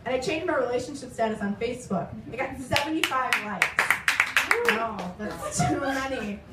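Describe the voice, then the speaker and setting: A woman's voice: sits high, normal speed, recorded from a distance. A woman in her twenties doing a self-deprecating stand-up comedy set, full of "like". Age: 20s. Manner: wry, self-deprecating, lots of "like". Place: comedy club stage. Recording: roomy club sound from off-mic with loud audience noise. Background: audience laughter.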